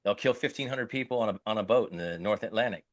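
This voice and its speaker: Middle-aged guy with a low voice, earnest podcast chat, keeps restarting, dry close sound. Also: fast, no echo. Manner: earnest, gropes for words with many restarts. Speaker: podcast co-host. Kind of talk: casual podcast conversation.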